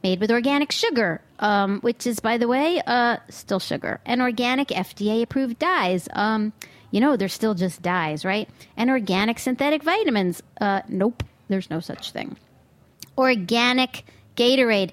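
The recording is dry: a woman with a slightly high voice, speaking at normal speed, hosts a food podcast from a studio booth using a studio microphone. Alone on the mic, she gives sarcastic, exasperated opinions punctuated by disbelief.

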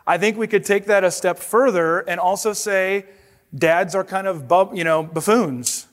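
Engaging man with a fairly high voice. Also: measured pace, long reverb tail. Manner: engaging, asks the room questions. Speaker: speaker reading a children's book to an audience. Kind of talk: storybook reading, then interactive talk.

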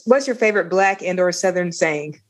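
A woman's voice: on the low side, animated, fairly quick. A woman from Louisiana hosting a casual interview, asking questions and answering with short laughing replies. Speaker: host.

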